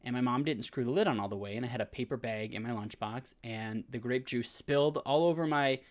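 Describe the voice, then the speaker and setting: A man's voice: medium pitch, a little fast. A man in his thirties, a podcast co-host, telling a long story in casual chat with many filler words and restarts. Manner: rambling storytelling with frequent "like" fillers.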